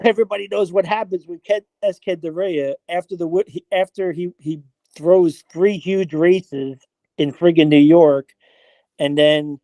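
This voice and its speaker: A man with a slightly high voice tells a story in a relaxed, chatty way. He jumps into the voices of people he quotes and drops in casual swearing. The sound is close and dry, with almost no room around him. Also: no room sound. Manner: animated, acts out quoted voices, frequent "I was like", mild swearing. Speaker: interview guest, horse player.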